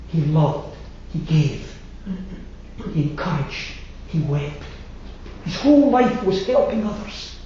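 A man preaching a sermon, slow and emphatic, letting his phrases fall away to a hush. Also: fairly high pitch, slight background noise. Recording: very echoey hall, slightly dull sound.

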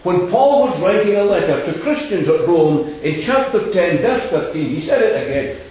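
A man preaching a gospel sermon, stressing key words and repeating the main verse slowly. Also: high voice, very animated, darkish tone. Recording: echoey distant hall sound, dull.

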